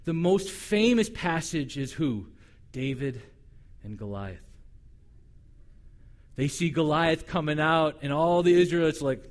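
A male pastor preaching a sermon in a conversational, humorous way, animated and acting out the voices he quotes. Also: fairly high pitch, unhurried, long pauses.

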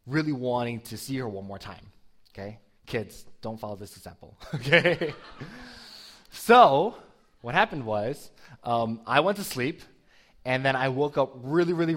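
A man's voice: medium pitch, fairly bright tone. A young adult man, a pastor, telling a personal story in a sermon in a casual, self-deprecating way, with frequent laughs and fillers.

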